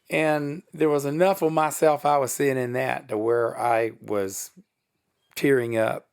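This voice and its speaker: A middle-aged man with a Southern US accent, a guest telling personal stories in an animated way, with a lot of pitch swings and laughter. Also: measured pace, vocal fry, smooth. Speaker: guest, production company head. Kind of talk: storytelling interview.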